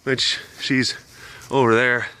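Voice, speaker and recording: A man's voice: mid-range voice, takes it slowly, clean tone, no echo. A young man casually telling a rambling story to the camera, acting out voices as he goes. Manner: rambling, animated, acts out voices. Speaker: vlogger with big cats.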